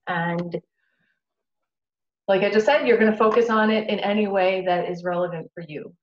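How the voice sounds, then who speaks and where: A woman coaching a group through EFT tapping on a live call, speaking calm phrases for the group to repeat and naming each tapping point. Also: medium pitch, moderate pace. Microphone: call recording. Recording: dull, roomy lo-fi call audio.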